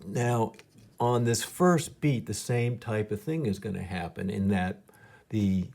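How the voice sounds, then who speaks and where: A man's voice: on the low side, unhurried, creaky, a little mellow. A man teaching a piano lesson step by step, patiently counting beats aloud as he demonstrates, with piano notes behind him.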